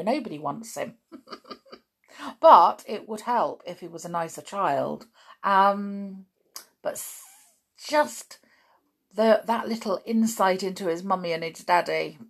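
Animated woman reading a storybook aloud. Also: fairly low pitch, breathy edge. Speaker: podcast storyteller.

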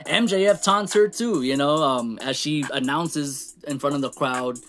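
A man ranting casually in a wrestling show review, animated, swearing and laughing at the shocking moments. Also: on the high side, normal speed, music in the background. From Latino. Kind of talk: casual recap rant.

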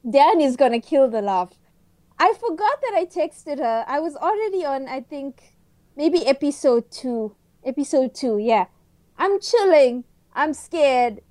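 Podcast co-host, woman, high voice, excitable dramatic storyteller, dry close sound. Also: unhurried, no room sound. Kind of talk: casual chat.

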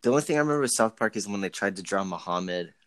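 A man's voice: on the low side, animated, racing, dry recording. A young man in casual chat, joking crudely and swearing a lot. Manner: crude jokey banter, heavy swearing.

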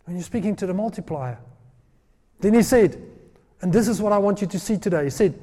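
High-voiced preacher in an echoing hall. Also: male voice, a little fast, pauses often. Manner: animated storytelling, acts out scripture voices. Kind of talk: sermon. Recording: long hall reverb.

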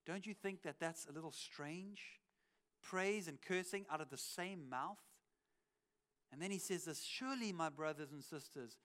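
A man's voice: a little high, moderate pace, a bit bright. A man preaching a sermon in a church, talking conversationally through a cheek mic, acting out quotes with wry asides. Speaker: pastor. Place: church auditorium. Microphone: cheek headset microphone.

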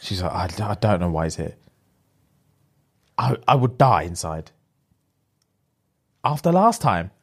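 A man's voice: sits low, a little slow, vocal fry, pauses often, breathy edge. A young man, chatting casually as he retells a film plot in slang and acts out the characters' lines. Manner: animated storyteller with slang, acting out the lines.

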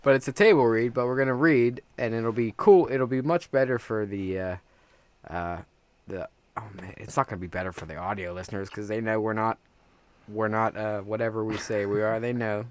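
A man's voice: fairly low pitch, steady tone, a little fast. A man hosting a casual podcast, rambling and trailing off with lots of fillers. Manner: rambling, hesitant, many fillers. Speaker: podcast host. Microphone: video camera setup.

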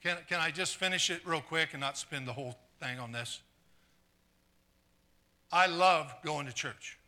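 At a measured pace and fairly high pitch, a man preaches a live sermon featuring audience volunteers. Earnest and prone to stumbling over repeated words, he trades jokes with the congregation while swinging from quiet asides to excited exclamations.

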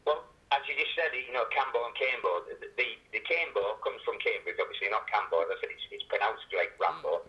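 Fast-talking man on a phone line. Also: lowish voice, expressive. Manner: rambling, anecdotal. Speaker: guest, author of a memoir. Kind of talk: casual interview.

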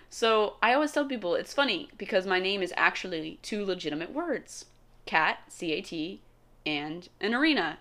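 A woman's voice: lowish voice, a bit bright. A young woman talking casually to the camera in a rambling, chatty monologue, laughing often. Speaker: vlogger.

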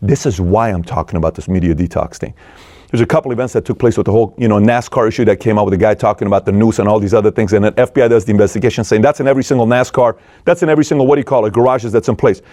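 A man's voice: racing, no room sound, studio quality. A man telling a story with energy, acting out the lines of the people in it. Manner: energetic, acts out dialogue, swings between loud and low. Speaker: speaker retelling a film and business lessons. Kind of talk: animated storytelling talk.

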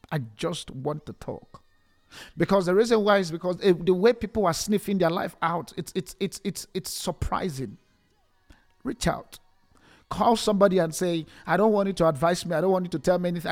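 Streaming a message as a preacher, a man with a fairly high, slightly mellow voice delivers an emotional sermon. His pleading is repetitive, and he keeps stammering into restarts.

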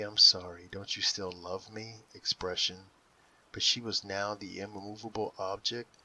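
Deep, husky male audiobook narrator. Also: sharp tone, distant mic, rough recording.

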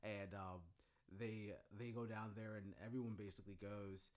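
A man's voice: on the low side, flat delivery, normal speed, darkish tone. A man co-hosting a podcast, rambling casually with lots of fillers. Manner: rambling, filler-heavy, self-described scatterbrained. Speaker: podcast co-host. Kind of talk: casual chat.

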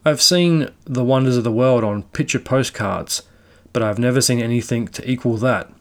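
Man reading a ghost story. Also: mid-range voice. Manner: measured storytelling. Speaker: narrator.

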